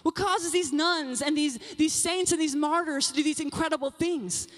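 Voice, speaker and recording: Young woman giving a talk in a big conference hall, high voice, lots of reverb, chatty and direct with the crowd. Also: normal speed. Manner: animated and confiding, addresses the audience directly. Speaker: conference speaker. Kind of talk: talk to a women's session at a youth conference. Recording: long hall reverb from a large venue.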